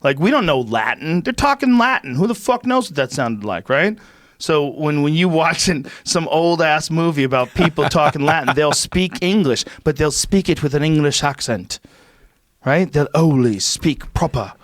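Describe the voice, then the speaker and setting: American guy hosting a podcast, kinda high voice, rants and swears a lot, dry close mic. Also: normal speed, dry recording. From United States. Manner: animated, profane and ranting. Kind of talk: casual chat.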